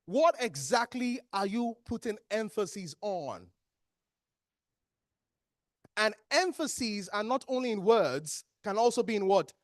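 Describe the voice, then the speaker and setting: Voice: mid-range voice, slow pace, long pauses, no echo, clean studio sound. A trainer with a Nigerian accent, leading an interactive workshop and quizzing the room. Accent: Nigerian English. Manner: animated, asks the room questions and answers them. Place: training hall with an audience.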